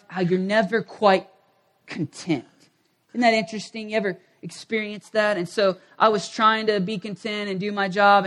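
A man pastor with a notably high-pitched voice delivers a sermon. He talks like he is sharing a story with friends, checking in with the congregation through questions as he goes. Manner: conversational storytelling, asks the audience questions.

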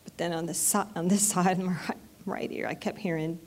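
A woman in her fifties giving a personal testimony in church, earnest and halting, with frequent restarts. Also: lowish voice, steady tone, a little mellow. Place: church sanctuary.

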